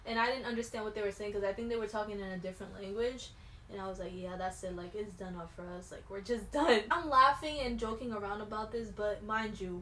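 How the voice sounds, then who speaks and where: A young woman recounting a story straight to camera, her voice bright and forceful. She talks in loose, slangy chat, sinking to near whispers and then bursting up loud. The room echoes and a faint hiss runs underneath. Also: mid-range voice. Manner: animated, swings from hushed to shouting. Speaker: vlogger. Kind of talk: storytime vlog.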